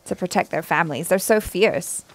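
A woman's voice: fairly low pitch, fairly quick. A woman co-hosting a reaction video, chatting casually and commenting as she watches a game. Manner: chatty, commenting and laughing along.

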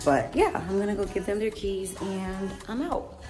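A woman's voice: medium pitch, animated, moderate pace, music in the background. A young woman chatting casually and emotionally to her phone camera for a vlog. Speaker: vlogger.

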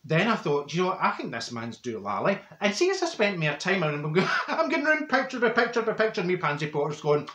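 A man's voice: high-pitched, wildly swooping pitch, fast talker, hardly any pauses, fairly bright tone, exaggerated voice. A man voicing a chatty, straight-talking middle-aged Glasgow woman with a broad Glaswegian accent, telling a comic story bluntly and laughing often. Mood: gossipy. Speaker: comedy character monologue. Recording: roomy echo.

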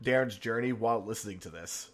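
A man's voice: lowish voice, quick pace, crowd noise. A man hosting a podcast who chats casually and drops joking asides. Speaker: podcast host.

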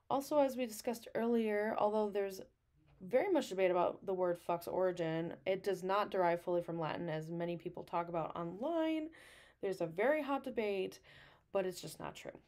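A woman's voice: medium pitch, darkish tone. A woman giving a casual recorded lecture over slides, chatty and amused, often breaking into laughs.

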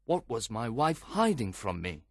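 A man reads a first-person story with expressive storytelling. His pitch moves in a lively way through each line. The recording is dry and close. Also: a little slow, dry recording. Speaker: audiobook reader. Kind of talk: scripted first-person narration.

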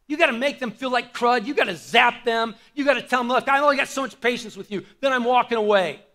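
A man's voice: extremely high pitch, fast talker, bright, forceful tone, full character voice. A man preaching, putting on an exasperated male God voice in a casual, offhand way.

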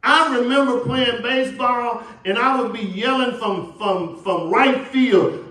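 A Texas pastor with a high, expressive, fairly bright voice preaches at a measured pace to his congregation, recorded from a distance in an echoey church sanctuary. In Southern call-and-response style, he asks them questions and acts out the voices of people in his story.

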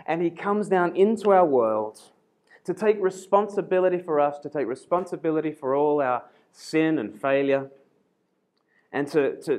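A man preaching at a conference, animated and acting out quoted voices. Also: fairly high pitch. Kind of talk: conference talk.

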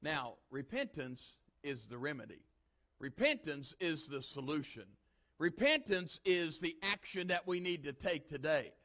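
A high-pitched male pastor delivering a sermon in church. He hammers home his points through repetition, pushing each line harder than the last. His voice rises as he presses the congregation. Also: animated, measured pace, bright, forceful tone. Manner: emphatic preacher, repeating lines with rising force.

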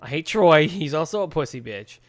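An excitable man chatting on a casual podcast. His voice sits high and leaps around. He swears often and climbs higher when outraged. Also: brisk. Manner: excitable, swears a lot, swings pitch up in outrage. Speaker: podcast co-host.

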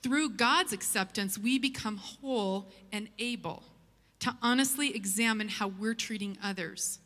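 A woman telling a story in a church sermon, lively and humorous as she tells it. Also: medium pitch, unhurried, big-room sound. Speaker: church speaker. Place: church auditorium.

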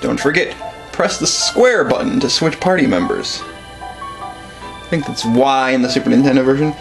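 A man's voice: medium pitch, lively intonation, moderate pace, gravelly, over music. A man giving casual, joking commentary while playing a video game. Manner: joking, self-deprecating. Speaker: let's play commentator.

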